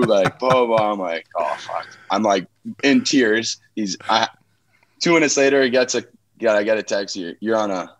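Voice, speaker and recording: A man's voice: fairly low pitch, normal speed, slight background noise. A man from Canada, a hockey player guest, telling easygoing, self-mocking stories in casual interview chat.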